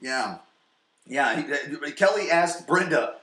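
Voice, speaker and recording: A man in his forties hosting a podcast from his basement, recapping an episode in a rambling, profane, excitable way. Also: medium pitch, moderate pace, roomy sound. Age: 40s. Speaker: podcast host. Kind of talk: casual solo recap. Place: home basement.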